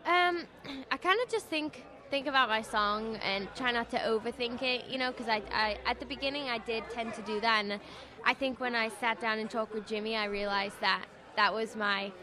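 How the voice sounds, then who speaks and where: Crowd noise from a busy event surrounds this shy young woman from England, a singing contest guest answering radio interview questions. She speaks softly at a moderate pace in a slightly high voice, trailing off and filling gaps with lots of "um" and "like."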